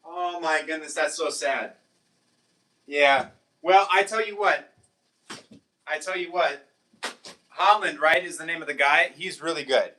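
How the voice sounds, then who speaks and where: A man with a bright, forceful voice pitched a little above the usual chats with his viewers on a livestream. He laughs often and slips into now and then. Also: a little slow, pauses often. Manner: chatty, laughs often, switches between English and Portuguese. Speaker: livestream host. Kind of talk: casual chat with live chat.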